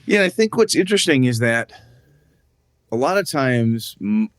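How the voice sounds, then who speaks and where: A man's voice: a little slow, dry recording, clean studio sound. A man co-hosting a tabletop gaming podcast, chatting casually and acting out quotes from his players. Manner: animated, acts out quotes with rising pitch. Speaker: podcast co-host and game master.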